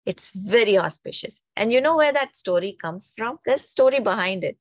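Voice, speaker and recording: A woman telling a religious story in a lively, conversational way, often checking in with her listeners. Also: medium pitch, moderate pace, dry recording. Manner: animated, conversational, frequent "right?" tags. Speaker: spiritual storyteller. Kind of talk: storytelling talk on mythology.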